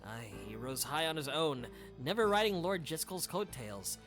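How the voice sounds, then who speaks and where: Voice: mid-range voice, sing-song, normal speed, fairly bright tone, faint music behind. A streamer putting on a proud, chatty old retainer. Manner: old-fashioned, folksy phrasing. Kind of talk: reading game dialogue aloud.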